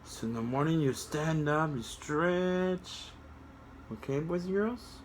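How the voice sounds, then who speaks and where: A young man reads a storybook aloud to children at an unhurried pace, his voice swinging up and down in a lively sing-song. He keeps turning to talk straight to the kids. A faint hiss of noise sits under the recording. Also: fairly high pitch. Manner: sing-song, animated, talks to kids directly. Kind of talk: reading a picture book aloud to children with asides.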